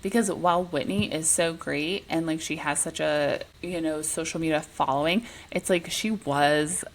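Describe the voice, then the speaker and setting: A woman's voice: low-pitched, normal speed, poor audio. A woman co-hosting a podcast, chatting casually and steering the topics. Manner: chatty, leads the segments. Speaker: podcast co-host. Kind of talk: casual chat.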